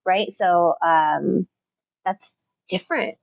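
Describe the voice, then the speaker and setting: A woman's voice: lowish voice, slow pace, creaky, no echo. A woman who teaches literature, chatting thoughtfully in an interview with plenty of fillers and restarts. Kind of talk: casual interview talk.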